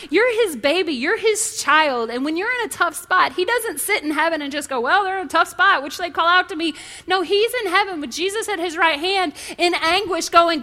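Woman preacher, high ringing voice, lively storyteller. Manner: animated, storytelling, impassioned. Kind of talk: sermon.

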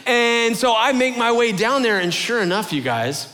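A man's voice: very high-pitched, moderate pace, few pauses. A man preaching a sermon, telling a travel story in a chatty, conversational way, often calling his listeners "you guys" and restarting his sentences. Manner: animated retelling with fillers and restarts. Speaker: pastor.

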